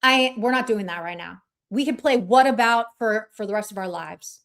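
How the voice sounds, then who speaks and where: A woman's voice: mid-range voice, moderate pace, fairly bright tone. A woman hosting a livestream, ranting in casual chat in a blunt, profane and combative way. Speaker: livestream host.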